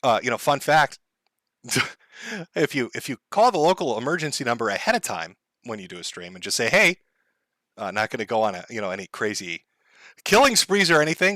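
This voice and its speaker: A man's voice: mid-range voice, expressive, a little fast, pushed and bright, no room sound, studio quality. A man talking casually on a live stream, sardonic and mock-dramatic, laughing often. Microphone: headphones and desk mic.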